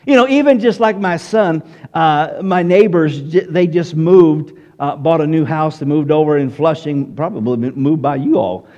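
A man's voice: a little high, moderate pace, few pauses, a little mellow, highs cut off. A man with a Southern US accent preaching a sermon in church, asking the congregation questions directly. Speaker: pastor.

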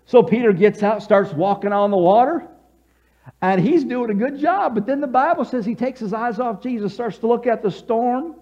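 A pastor preaching a sermon, telling the story with animated quotes and leading the congregation in repeating lines. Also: male voice, very high-pitched, normal speed.

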